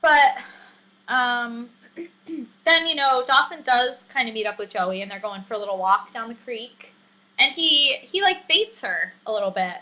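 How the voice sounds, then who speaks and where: Woman co-host, high, bright voice that bounces around a lot; chatty, filler-heavy recap talk. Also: a little slow, poor audio. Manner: chatty, animated, many fillers and laughs. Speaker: podcast co-host. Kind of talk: casual recap chat.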